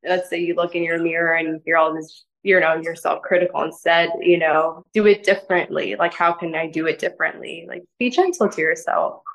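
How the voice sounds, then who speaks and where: A woman as a podcast guest, talking in a gentle, rambling casual way, full of "like" fillers. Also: fairly low pitch, fairly even intonation, a little fast, gravelly, hardly any pauses, rough recording. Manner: rambling, filler-heavy with frequent "like"; soft, gentle delivery. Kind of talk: casual interview conversation.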